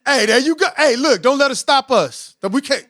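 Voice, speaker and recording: Hyped-up man hosting a podcast, high voice. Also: fairly quick, no room sound, studio quality. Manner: hyped and playful, keeps telling himself to calm down; slurs and stumbles on names. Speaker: podcast host. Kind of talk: excitable casual podcast interview.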